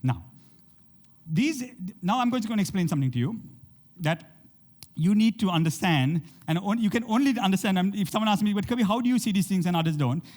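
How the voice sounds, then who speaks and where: A man's voice: high-pitched, expressive, fairly quick, darkish tone. A man preaching a sermon to a congregation, reading scripture aloud and often checking in with "okay?". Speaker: pastor.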